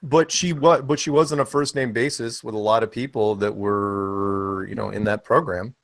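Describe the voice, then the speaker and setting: A man's voice: on the low side, steady tone, moderate pace, no echo. An American man hosting an online panel chat, rambling and joking in a casual way. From United States. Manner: rambling, joking, self-deprecating.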